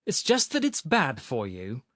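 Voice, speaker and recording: A man voicing an energetic young doctor, firm, insistent and lecturing. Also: mid-range voice, unhurried, no room sound, clean studio sound.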